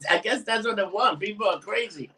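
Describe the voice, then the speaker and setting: A brash New York man with a high, bright voice, swearing and laughing through casual podcast banter. He sits a bit back from the mic on a lo-fi recording with a faint hiss behind him. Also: brisk, distant mic. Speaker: podcast co-host.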